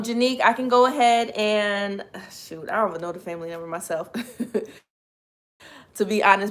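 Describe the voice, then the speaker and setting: A woman hosting a casual livestream, greeting viewers by name and chatting, her voice slightly raspy and strained today. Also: mid-range voice, a bit bright. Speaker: livestream host.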